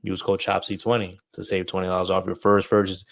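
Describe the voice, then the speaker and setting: A man's voice: low-pitched, flat delivery, fairly quick, gravelly. A man hosting a casual baseball podcast, chatty and loose, a little out of breath. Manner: chatty, loose, talks through ad reads like a wrestler promo. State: a bit out of breath. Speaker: podcast host.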